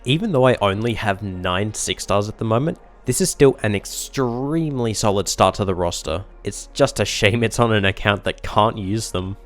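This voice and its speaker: A man giving calm, matter-of-fact commentary as he plays a mobile game and opens rewards. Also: fairly low pitch. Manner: measured, matter-of-fact narration of crystal openings. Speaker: gaming YouTuber. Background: background music.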